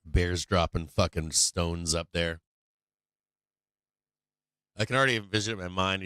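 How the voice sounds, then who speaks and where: A man's voice: deep voice, fairly even intonation, normal speed, long pauses, pushed and bright, clear, resonant tone, no room sound. An older man hosting a stock market livestream, talking casually with lots of swearing and laughter. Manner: profane, laughing, rambling.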